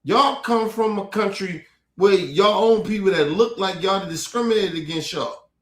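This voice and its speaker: A man's voice: high-pitched, normal speed. A man streaming a heated, profane commentary rant, repeating his points with fired-up force. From United States. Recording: roomy echo.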